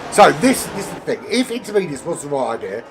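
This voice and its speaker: A man with a cold and a nasal voice, commentating an online sim racing league, rambling into asides and getting excited during close battles. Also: fairly high pitch, fast talker. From not American. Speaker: race commentator. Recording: game music and engine noise behind. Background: racing game audio and music.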